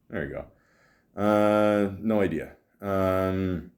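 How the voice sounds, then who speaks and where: Speaking slowly in a lowish, darkish voice, a male podcast host chats casually about films. He rambles, uses lots of fillers, and swears now and then.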